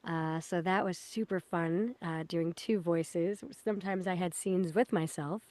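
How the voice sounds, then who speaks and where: A woman's voice: lowish voice, measured pace, a little mellow, no echo. Chatty woman voice actor, dry close sound. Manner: bubbly, laughs, demonstrates voices. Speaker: voice actress guest. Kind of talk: casual interview chat.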